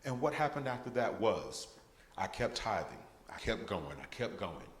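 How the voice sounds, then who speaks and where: Lower-pitched man telling a church testimony. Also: normal speed. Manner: animated, humorous storytelling with laughter. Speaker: guest speaker at a church service. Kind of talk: testimony talk in a church service. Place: church sanctuary. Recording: echoey church hall.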